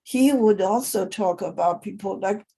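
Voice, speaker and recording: A woman teaching an informal English lesson, talking in a halting way with many pauses and restarts. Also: mid-range voice, gravelly, dark tone, breathy edge.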